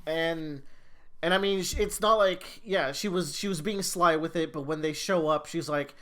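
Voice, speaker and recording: A man's voice: fairly high pitch, normal speed, a bit bright. A man co-hosting a casual podcast, laying out a thoughtful comparison of story themes. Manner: thoughtful, analytical. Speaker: podcast co-host. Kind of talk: casual chat about an anime.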